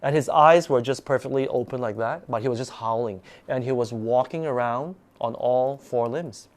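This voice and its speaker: A man telling a personal ghost story in casual, animated speech, often repeating words as he goes. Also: medium pitch, moderate pace. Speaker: guest storyteller.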